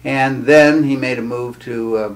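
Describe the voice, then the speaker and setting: Old guy in his 70s reminiscing, slow halting storyteller, lots of uhs. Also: medium pitch, fairly even intonation. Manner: halting, pauses often with "uh", storytelling. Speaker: guest, guild president. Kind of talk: reminiscing interview talk.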